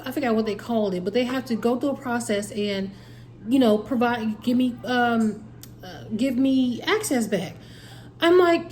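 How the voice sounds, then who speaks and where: A woman's voice: a little high, moderate pace, darkish tone. A woman, casually telling a story and acting out both sides of the conversation. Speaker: family vlogger.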